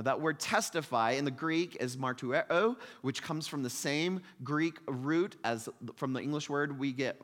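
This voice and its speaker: A man's voice: fairly high pitch, a bit bright. A man preaching a sermon as pastor, in a conversational style with frequent questioning asides. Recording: long hall reverb.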